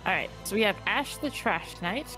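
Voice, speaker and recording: A woman's voice: medium pitch, lively intonation, moderate pace, music in the background. A woman co-hosting an online game night in casual chat, reading out character entries and laughing easily. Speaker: co-host of an online AI battle game.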